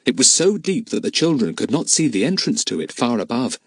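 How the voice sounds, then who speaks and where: Lively male storybook narrator. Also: medium pitch, brisk, husky, no echo. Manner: lively, expressive reading. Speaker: audiobook narrator.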